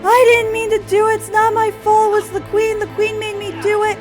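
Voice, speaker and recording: A woman voicing a young lady-in-waiting, frantic and rushing, caught in a guilty secret. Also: very high-pitched, lively intonation, sharp tone, faint music behind, voice pushed up, exaggerated voice. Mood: pleading, sobbing.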